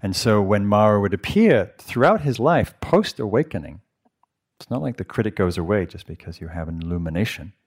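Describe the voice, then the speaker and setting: Guy with a real low voice teaching meditation, gentle chatty dharma talk, asks the room stuff. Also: lively intonation, brisk, slightly rough. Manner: gentle, conversational, asks the audience questions. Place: meditation hall.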